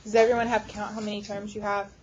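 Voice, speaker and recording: A woman math teacher lecturing her class, firing off quick questions to the students. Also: medium pitch, flat delivery, lo-fi sound, a little hiss or hum.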